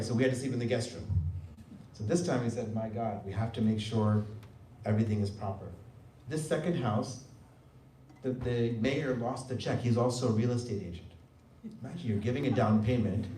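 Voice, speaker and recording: Man, middle-aged, testimony talk, animated storyteller, mellow tone, roomy far-off hall sound. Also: medium pitch, a little fast. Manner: animated storyteller, mimics voices when quoting. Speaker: devotional speaker. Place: hall at a spiritual center. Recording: echoey room, voice from far off, faint room noise.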